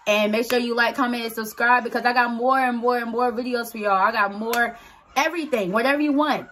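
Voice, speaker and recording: A woman with a fairly high voice tells a personal story straight to camera in a casual vlog. She is animated and blunt, swears freely, and acts out what people said. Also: brisk, a little hiss or hum. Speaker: vlogger telling a personal story.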